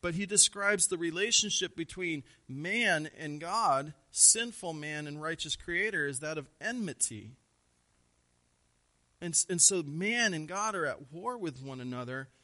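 A man in his thirties preaching a sermon as pastor, pressing points with repeated words, then dropping low and quiet. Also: animated, a little slow.

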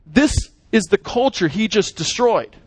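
High-voiced man teaching a Bible lesson. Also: unhurried, slightly rough, dry recording. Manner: animated, asks the class questions.

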